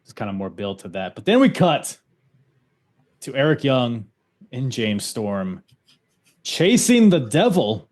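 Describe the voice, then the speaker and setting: A man's voice: medium pitch, sing-song, slow, pauses often, a little mellow. Chill guy podcast host, mid voice, rambly recap with lots of laughs. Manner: laughs often, loose storytelling. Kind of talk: casual recap chat.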